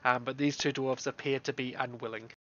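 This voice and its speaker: A game master, narrating a tabletop game in a relaxed way, often laughing. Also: medium pitch, a little fast. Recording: dull dry lo-fi recording.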